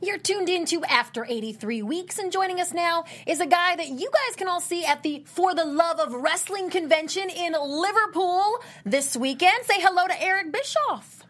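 A woman's voice: very high-pitched, expressive, normal speed, a bit bright. A woman hosting a podcast, chatting in an upbeat, teasing way and introducing a guest. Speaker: podcast host. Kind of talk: casual podcast chat.

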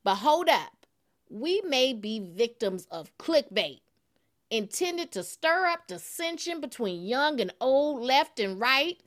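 A woman's voice: on the high side, fairly bright tone. A woman hosting a radio news program, reading scripted segments and chatting cheerfully during a word puzzle. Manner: upbeat, laughing easily. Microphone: studio microphone.

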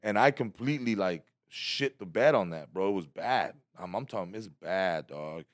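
Animated slangy comedian, low voice. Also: male voice, moderate pace, no echo, studio quality. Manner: animated, slangy, acts out quotes with big loud jumps. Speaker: comedian guest. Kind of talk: casual storytelling in a podcast interview.

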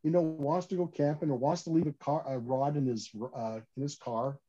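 A man telling stories about fishing rods in a casual interview, animated and full of restarts and "you know". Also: a little high, brisk. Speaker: fishing gear company guest. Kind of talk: casual podcast interview storytelling. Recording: slightly dull lo-fi audio.

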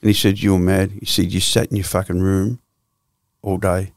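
A man's voice: low voice, flat delivery, moderate pace, dry recording, studio quality. A man in his sixties with an Australian accent, a guest telling his life story bluntly and profanely, full of restarts. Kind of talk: candid storytelling interview.

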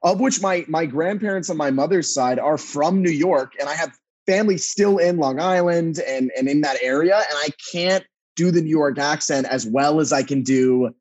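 A man's voice: on the high side, moderate pace, hardly any pauses, a little mellow. A young man from Texas, a guest on a podcast, talking earnestly and politely and laughing easily. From Dallas, Texas. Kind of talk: casual interview chat.

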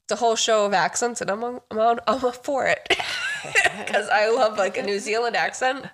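A woman's voice: fairly high pitch, normal speed, fairly bright tone. Chatty woman podcast host. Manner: chatty, enthusiastic, reads notes aloud. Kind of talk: casual chat.

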